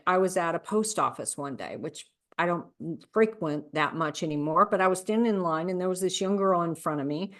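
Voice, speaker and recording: A woman with a somewhat low-pitched voice hosts a podcast in relaxed conversation. She tells personal stories earnestly and at length. Her tone turns heated when she talks about people being mocked. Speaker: podcast host. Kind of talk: casual conversational podcast chat.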